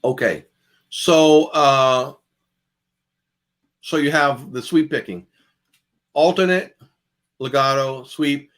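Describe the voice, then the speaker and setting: A man's voice: mid-range voice, slow pace, long pauses, a bit bright. A man giving a jazz guitar masterclass, talking casually and calling out picking strokes as he demonstrates. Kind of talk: masterclass lecture.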